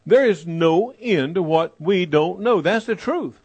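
A man preaching a sermon as pastor, emphatic, repeating his phrases and slowing down to stress them. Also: on the high side, expressive, no room sound.

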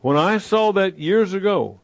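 A man preaching a sermon as pastor, emphatic, repeating his phrases and slowing down to stress them. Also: sits high, animated, no echo.

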